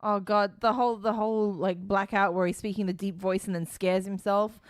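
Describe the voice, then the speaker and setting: A woman's voice: medium pitch, fairly even intonation, a little fast, no echo. A woman on a podcast panel chatting casually about cartoon episodes, asking questions as she builds her point. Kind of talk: casual chat reviewing episodes.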